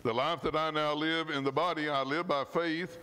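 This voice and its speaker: A man, a pastor, preaching a sermon in church. He reads scripture slowly and with emphasis, and at times his voice drops suddenly soft. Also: fairly high pitch, fairly even intonation, clean tone.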